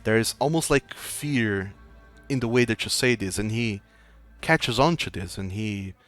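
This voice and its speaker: A man's voice: fairly low pitch, a little slow, fairly bright tone, soft background music. A man acting as game master, narrating a tabletop game in a loose, descriptive way. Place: home streaming setup.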